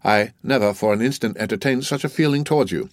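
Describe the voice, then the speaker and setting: A man's voice: fairly low pitch, quick pace, no echo, clean studio sound, natural voice. A man reading the part of a haughty, purse-proud banker who speaks arrogantly. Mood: fawning. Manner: arrogant, then flustered and fawning. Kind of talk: audiobook character reading.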